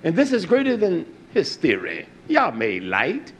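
A man preaching a sermon, emphatic, swinging between low asides and loud raised emphasis. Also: huge pitch swings, unhurried.

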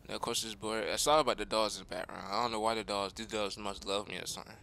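A man's voice: on the low side, fairly even intonation, quick pace, creaky, sharp tone, a little hiss or hum. A young man casually commenting on a game he is playing, rambling in slang and chatting to his viewers. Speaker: gaming streamer.

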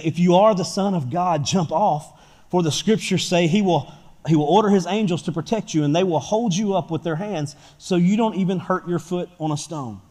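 A pastor preaching a sermon to his church, swinging from quiet talk to loud shouting. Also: sits high. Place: church sanctuary. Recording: church hall reverb.

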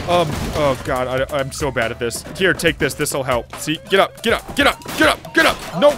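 A man doing comedic gameplay commentary as a gaming YouTuber, giggling and swinging from high shrieks to low mutters. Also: very animated, normal speed, hardly any pauses, over music.

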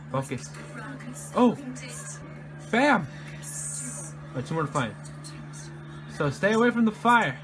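A man playing a horror game and commenting casually, jumpy and swearing constantly, yelling and laughing at the scares. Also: high voice, sing-song, unhurried, long pauses, faint music behind. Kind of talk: casual let's-play commentary.

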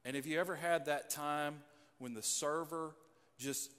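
A man's voice: a little high, fairly even intonation, a little slow, a bit bright, clean tone. A man preaching a sermon as pastor, chatty and folksy, often restarting his sentences. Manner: folksy and conversational, with frequent restarts. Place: church sanctuary. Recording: long church hall reverb.

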